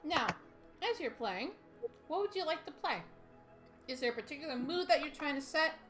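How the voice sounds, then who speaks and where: Woman game master, high voice, unhurried, laughs often, faint music behind. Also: lively intonation, fairly bright tone. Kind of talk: narrating a tabletop game.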